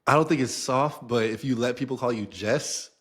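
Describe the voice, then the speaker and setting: A male podcast host who keeps the chat upbeat and jokey and hypes up his guest. His voice sits at a medium pitch. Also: moderate pace, a bit bright, breathy edge. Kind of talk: casual interview chat.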